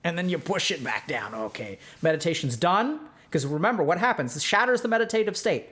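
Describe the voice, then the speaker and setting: A man giving an animated, conversational livestream lecture on meditation. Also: a little high, fairly quick, few pauses. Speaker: streamer giving a talk.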